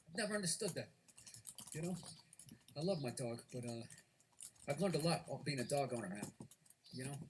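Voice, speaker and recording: A man's voice: fairly high pitch, a bit bright, slight background noise. A man doing stand-up comedy on stage, ranting and swearing in a conversational way.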